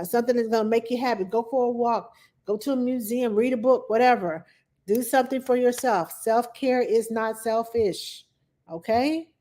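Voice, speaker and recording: A woman's voice: a little high, darkish tone. A middle-aged woman hosting a live stream as a nanny, chatting casually and repeating herself for emphasis. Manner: chatty, repeats herself for emphasis, acts out little dialogues with her toddler.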